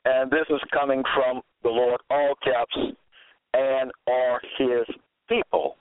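A man hosting a radio Bible program, lecturing in a slow, deliberate way and repeating his key phrases for emphasis. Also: mid-range voice, level tone, smooth, no echo. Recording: tinny phone-like dry audio.

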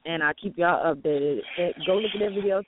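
A woman's voice: fairly low pitch, a little fast, background noise. A woman co-host giving a chatty news update, with lots of hesitant ums. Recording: tinny phone-like sound with faint music.

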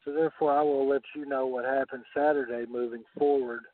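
A man's voice: mid-range voice, fairly even intonation, brisk, dry recording. A man with a Southern accent, a wrestling commissioner, delivering boastful, menacing trash talk. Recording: tinny phone line, dry.

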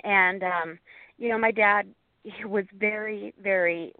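Woman, 40s, from Montana, interview guest, halting earnest storytelling, phone-line sound, mid pitch. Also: fairly even intonation, dry recording. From Montana, USA. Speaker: guest, Bigfoot researcher and author. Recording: tinny phone line, dry.

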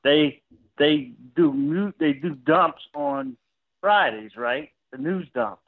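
A man's voice: on the high side, animated, slow pace, dry recording. Man calling in over a tinny phone line. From Louisiana. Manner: rambling, repeats himself, trails off. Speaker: caller. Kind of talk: casual talk radio call.

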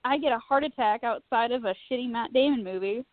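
Animated swearing woman on a tinny line. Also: a little high, brisk, no echo. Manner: animated, swearing, self-mocking storyteller. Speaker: podcast co-host. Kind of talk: casual storytelling chat.

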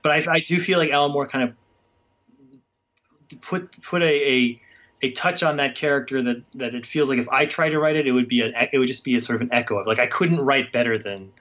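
A man as a guest comics writer in a casual interview, rambling and halting with many restarts. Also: medium pitch, fairly bright tone. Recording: dull lo-fi sound.

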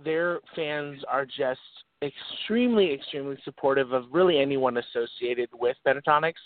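A young adult man, a singer, chatting as a guest in a casual interview, halting with many restarts. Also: mid-range voice, dry recording. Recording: tinny phone-like line.

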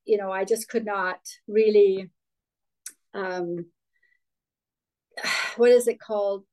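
A woman's voice: medium pitch, steady tone, slow, darkish tone, low-quality recording. A middle-aged woman from Denmark, a guest telling her life story in an interview, candid and rambling with restarts. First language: Danish.

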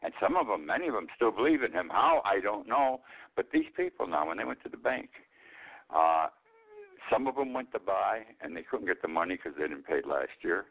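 Host in his eighties, opinionated and rambling, a low voice with a wide swing, heard over a tinny line. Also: very animated, fairly quick, creaky. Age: 80s. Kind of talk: political commentary monologue.

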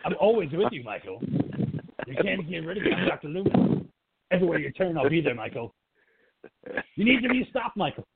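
A man's voice: on the high side, big pitch swings, fairly quick, creaky, pauses often, slight background noise, pitched above the performer's own voice. A man voicing a nagging middle-aged doctor who scolds and pleads from inside someone's head. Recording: dry phone-like line.

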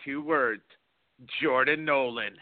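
A man co-hosting a casual sports talk show, rambling with many hesitant pauses. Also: medium pitch, no echo. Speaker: co-host, hockey fan. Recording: dry, phone-like lo-fi audio.

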